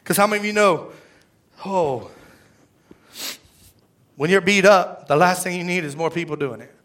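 A man preaching a conversational sermon, with a lively drawl and frequent "right?" asides. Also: sits high, normal speed. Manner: energetic, conversational, tag questions. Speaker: pastor.

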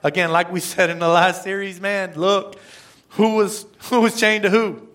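Middle-aged male pastor, emphatic sermon delivery, tense bright tone, rhetorical questions. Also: high voice, steady tone, moderate pace. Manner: emphatic preaching, repeats phrases and asks rhetorical questions.

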